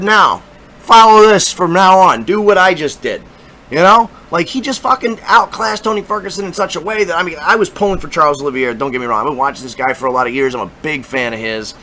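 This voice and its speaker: A man hosting a casual fight-prediction talk, profane, excitable and rambling with lots of repetition. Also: mid-range voice, a little hiss or hum. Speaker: MMA fight predictions host.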